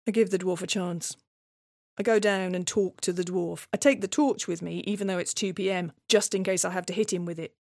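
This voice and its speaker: A woman performing her own scripted dramatic monologue, sardonic and deadpan with frequent swearing. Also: fairly low pitch, fairly quick, creaky, no room sound, studio quality. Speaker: playwright performer.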